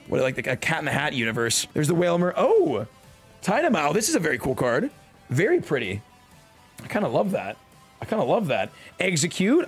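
A young man excitedly opening card packs on a live stream, joking and talking slangily to his chat. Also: on the high side, husky. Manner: hyped, jokey, talks to chat, slangy.

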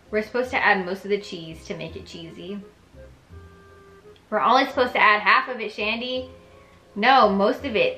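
Reading a story game aloud for her YouTube channel, a young woman alternates between the dialogue and her own chatty reactions. Her medium-pitched voice is pushed and bright, and the recording is reverberant.

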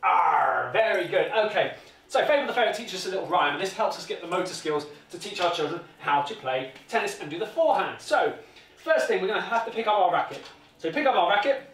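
A man's voice: high-pitched, animated, fast talker, fairly bright tone. A man with a British accent coaching a toddler in tennis, in an encouraging, sing-song way with lots of repeated instructions. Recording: echoey room, mic at a distance, faint music.

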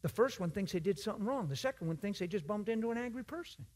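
A man preaching a sermon in a church, folksy and emphatic, swinging from loud exhortation to hushed asides. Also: high voice, lively intonation, quick pace.

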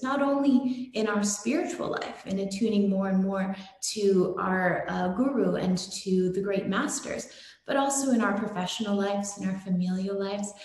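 A woman giving a gentle, devotional sermon and telling a story, with some fillers. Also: medium pitch. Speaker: satsang speaker. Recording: very echoey room.

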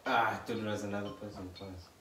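Low-voiced young man. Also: steady tone, fast talker, noisy background. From South Africa. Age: young adult. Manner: offhand hint-giving, laughing. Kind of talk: casual family game chat. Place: home room indoors at night. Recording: roomy, distant home recording.

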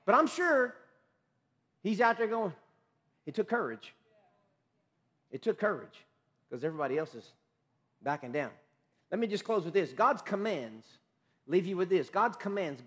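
A man gives a sermon as a pastor, alternating loud, forceful phrases with soft, low ones. He frequently breaks off and starts a phrase over.

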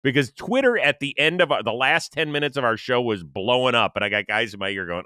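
A man's voice: medium pitch, clean tone, no echo, clean studio sound. A man hosting a sports podcast, ranting in casual chat and swearing freely. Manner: animated, profane, quick to rant. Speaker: podcast host.

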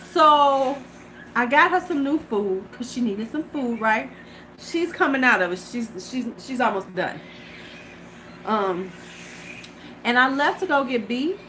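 A middle-aged woman livestreaming from her porch, chatting with viewers in a loose, salty way. Her voice sits a little high. A faint hiss of ambient noise runs under the recording. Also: a bit bright, low-quality recording. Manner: chatty, profane, talks straight to viewers. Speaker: beauty vlogger. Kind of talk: casual livestream chat. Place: home porch.

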